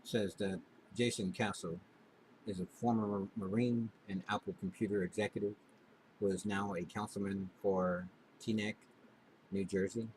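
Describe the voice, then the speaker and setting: Flat-voiced male news narrator. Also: on the low side, moderate pace, slight background noise, low-quality recording.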